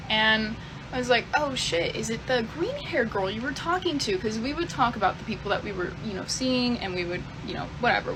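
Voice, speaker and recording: A woman's voice: a little high, noisy background. A young woman casually telling a confessional story, rambling and swearing a lot. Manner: profane, rambling, fillers like "type beat". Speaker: storyteller in a clip.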